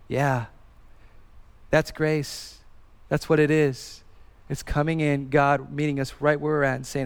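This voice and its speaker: A man's voice: a little high, little pitch movement, a little slow, creaky, long pauses, clear, resonant tone. A man in his thirties preaching a sermon in an earnest, conversational way, full of casual fillers and restarts. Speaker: pastor. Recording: reverberant hall.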